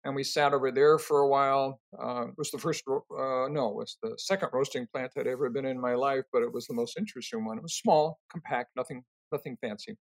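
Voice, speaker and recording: An older man answering interview questions, telling rambling, animated stories full of fillers and restarts. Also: medium pitch, brisk, hardly any pauses. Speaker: interview guest, company co-founder.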